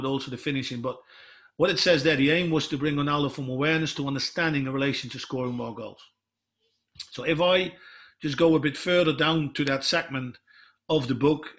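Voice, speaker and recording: A man's voice: mid-range voice, fairly bright tone. Man explaining coaching methods. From Netherlands. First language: Dutch. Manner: explanatory, retells dialogue, many restarts. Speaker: guest football coach. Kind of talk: presentation to coaches.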